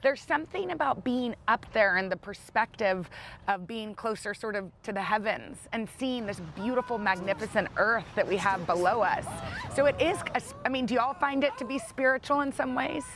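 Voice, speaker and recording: A woman in her thirties chats on a morning TV show, excited and quick to laugh as she tells her story. Her voice sits fairly high, with a faint hum of room sound behind her. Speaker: co-host.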